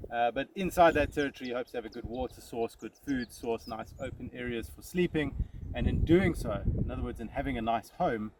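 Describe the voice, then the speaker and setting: A man working as a safari ranger, talking casually and chattily as he guides viewers through the bush from a vehicle. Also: mid-range voice. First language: English. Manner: relaxed, chatty, self-deprecating with frequent fillers. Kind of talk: casual guided nature talk. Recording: noisy outdoor field recording. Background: steady outdoor noise.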